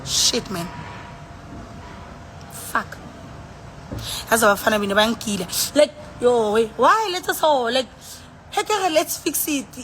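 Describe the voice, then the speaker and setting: A woman's voice: fairly high pitch, a little slow, long pauses, background noise. A tipsy woman with a South African accent, rambling and sighing in casual live-stream chat, switching between languages as she talks into her phone. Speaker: livestreamer.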